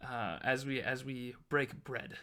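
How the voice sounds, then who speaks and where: A man voicing a gracious woman who leads a company and welcomes guests softly. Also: medium pitch, unhurried.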